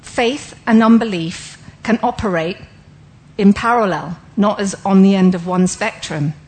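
A woman's voice: mid-range voice, unhurried, a little mellow, poor audio. A woman giving an interactive sermon, asking listeners questions and explaining ideas step by step. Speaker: Bible teacher.

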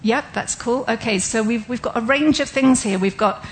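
A woman's voice: on the high side, normal speed, rough recording. A woman giving an interactive sermon, asking listeners questions and explaining ideas step by step. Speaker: Bible teacher.

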